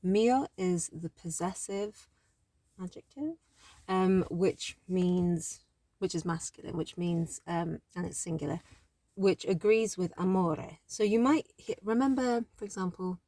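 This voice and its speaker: A woman's voice: on the low side, unhurried, mellow, dry recording. A woman language teacher giving a casual lesson, explaining step by step in a chatty way with apologetic asides.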